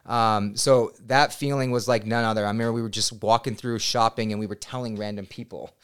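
A man in his thirties, a podcast guest, telling a personal story in a casual, animated and excitable way, swearing now and then. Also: on the low side, brisk, smooth. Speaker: podcast guest, real estate agent.

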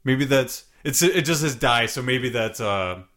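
A man's voice: mid-range voice, expressive, unhurried, a bit bright. A man co-hosting a podcast with a loose, rambling way of talking. He swears casually and drifts between thoughts in easygoing chat. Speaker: podcast co-host.

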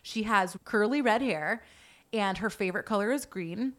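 A woman's voice: mid-range voice, normal speed. A young adult woman who runs a hair salon, telling a story in casual podcast chat with lots of "like". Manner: animated storytelling with frequent "like".

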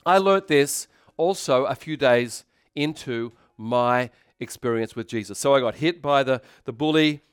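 Australian pastor preaching conversationally. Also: male voice, medium pitch, a little slow, clean tone, no echo, studio quality, soft background music. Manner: conversational, energetic, frequent restarts. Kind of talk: sermon.

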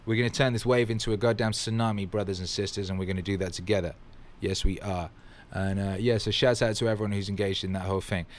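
A man with a low voice hosts a motivational livestream, building to emphatic, exclamatory bursts and swearing freely. He stops now and then to read out viewer comments. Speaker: livestream host.

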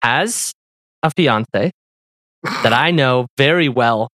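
Podcast co-host, male, lively storyteller, dry close mic, lots of pitch movement. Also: takes it slowly, no echo. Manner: animated storyteller, laughs often, acts out quotes. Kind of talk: casual storytelling chat.

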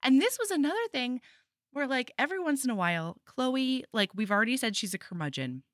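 A woman's voice: on the high side, fairly quick, dry recording, studio quality. A woman co-hosting a podcast, casually recapping a novel and acting out the characters' lines. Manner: animated, acts out characters' lines with laughs. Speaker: podcast co-host. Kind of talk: casual book recap chat.

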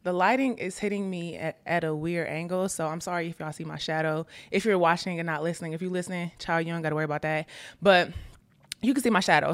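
A woman's voice: on the low side, a little fast. A young woman, hosting her podcast in a casual, playful chat full of "y'all". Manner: chatty, playful, lots of "y'all" and "child". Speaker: podcast host. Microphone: camera framing, seated host.

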